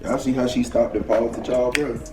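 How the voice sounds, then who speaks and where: A man's voice: fairly even intonation, brisk, over music. A young man bantering with his girlfriend in a dry, teasing way. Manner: dry, teasing remarks, very changeable pitch. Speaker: boyfriend on camera.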